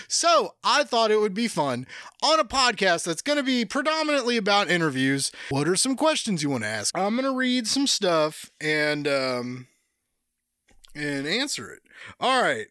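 A man's voice: high-pitched, very animated, normal speed, pushed and bright, smooth, dry recording, studio quality. A young man hosting his own podcast, telling rambling, profane, jokey stories in casual chat. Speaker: podcast host.

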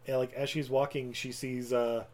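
Give me a casual male podcast co-host with an ordinary mid-pitched voice, meandering through a movie recap. He laughs easily and stumbles through his sentences. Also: flat delivery, normal speed, a little mellow. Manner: rambling, laughing, full of fillers. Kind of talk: casual chat.

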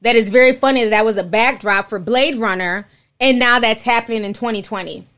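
A woman from Minnesota hosting a live stream, telling stories in casual chat and reading viewer messages, animated and exclaiming, calling listeners honey. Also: on the high side, a little fast.

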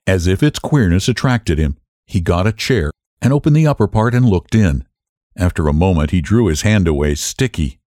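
A man narrating a story as an audiobook reader, measured and expressive. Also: low voice, dry recording, clean studio sound. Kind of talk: scripted narration.

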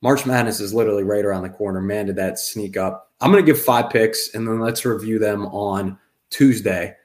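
Man, low-ish voice, sports podcast co-host, confident rapid-fire picks. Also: darkish tone. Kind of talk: casual sports podcast chat.

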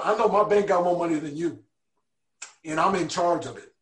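A man with a somewhat high voice recounts his life in an interview, earnest and lively as he acts out what others said to him. The room is echoey around him. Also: brisk. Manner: earnest, animated storyteller acting out quoted voices. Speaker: guest. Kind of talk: personal storytelling in an interview.

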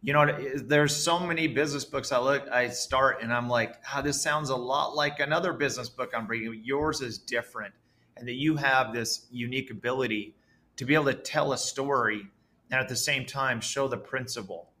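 An entrepreneur being interviewed on a podcast, speaking with earnest conviction. His tone is bright and forceful, and his pitch sits in the middle range for a man. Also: normal speed. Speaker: entrepreneur guest. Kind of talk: conversational interview.

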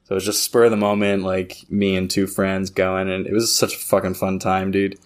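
Young male co-host, deep and low voice, rambling casual storyteller. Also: monotone, brisk. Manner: rambling, heavy use of "like". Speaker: podcast co-host. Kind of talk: casual chat.

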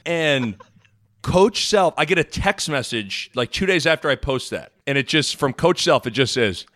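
A man co-hosting a casual podcast, telling rambling, animated stories. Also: on the high side, normal speed. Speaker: podcast co-host and impressionist.

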